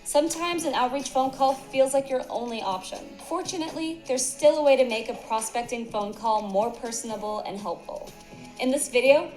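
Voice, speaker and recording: A woman's voice: fairly high pitch, a little mellow. A woman giving polished, upbeat scripted narration for a corporate training video. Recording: echoey, with background music.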